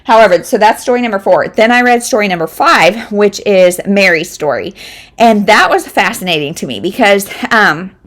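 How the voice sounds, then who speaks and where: A woman's voice: medium pitch, moderate pace, fairly bright tone. A woman in her thirties, a book vlogger, chatting casually and rambling with lots of fillers. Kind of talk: casual chat.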